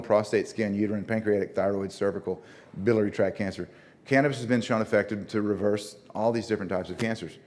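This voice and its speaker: A man with a northern Louisiana accent presents a lecture at a conference, talking through his slides. His voice sits fairly low, and he keeps a conversational tone, repeating words as he restarts sentences and putting questions to the audience. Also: a little mellow. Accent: Northern Louisiana (Shreveport).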